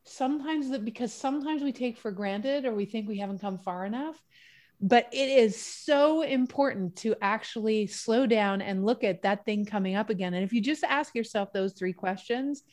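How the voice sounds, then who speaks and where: Animated chatty woman guest. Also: a little high, normal speed. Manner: animated, chatty, playful with vivid analogies. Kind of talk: casual conversational interview.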